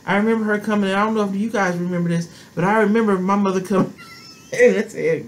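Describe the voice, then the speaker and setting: A woman's voice: mid-range voice, steady tone, quick pace, slight background noise, low-quality recording. A grandmother giving a sermon as a prophetess, preaching emphatically with repeated phrases and exclamations. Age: middle-aged or older, a grandmother.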